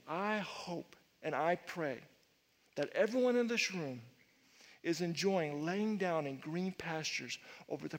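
A middle-aged male pastor preaching a sermon, telling stories with animated swings and sudden loud outbursts. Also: high-pitched. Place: church sanctuary with long reverb. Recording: reverberant church hall.

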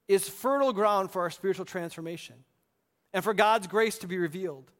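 A man's voice: high voice, long reverb tail. A man preaching a sermon as a pastor, casual and conversational with rhetorical questions.

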